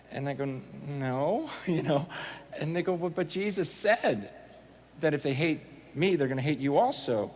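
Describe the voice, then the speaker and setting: A man preaching a sermon, telling stories in an animated, conversational way and quoting other people as he goes. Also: fairly high pitch, moderate pace, slight background noise. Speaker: pastor. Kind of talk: sermon storytelling.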